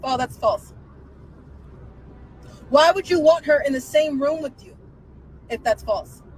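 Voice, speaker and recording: A woman's voice: high voice, measured pace, darkish tone, slight background noise, low-quality recording. A woman hosting a live stream, commenting casually with incredulous rhetorical questions and frequent laughter.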